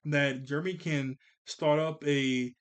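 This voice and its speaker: Guy rambling fast through a cartoon recap, kinda high voice, gets hyped and trips over his words. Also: clear, resonant tone. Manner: excitable, rambling recap with self-corrections; talks fast. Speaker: cartoon episode reviewer. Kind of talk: casual spoken review.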